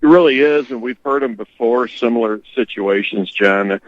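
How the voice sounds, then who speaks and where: A man who is a guest on a radio talk show, speaking in a steady, plain way. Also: medium pitch, moderate pace, no echo. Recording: dull lo-fi radio sound.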